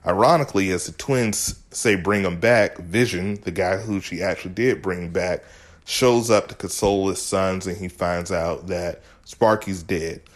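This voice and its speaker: Deep-voiced man, chatty episode recap. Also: unhurried. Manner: enthusiastic, chatty, retells scenes with quoted lines. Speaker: show host recapping an episode. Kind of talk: casual recap commentary.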